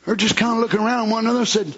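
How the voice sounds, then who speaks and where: A man preaching a fiery sermon, moving between quiet talk and shouted bursts in folksy grammar. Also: high-pitched, very fast, lo-fi sound.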